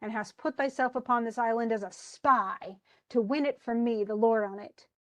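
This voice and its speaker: A woman plays a commanding old sorcerer duke who lays down archaic verse slowly and formally. The pitch sits a little high. The sound is close and dry. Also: fairly bright tone, no echo, close to an everyday voice. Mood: stern.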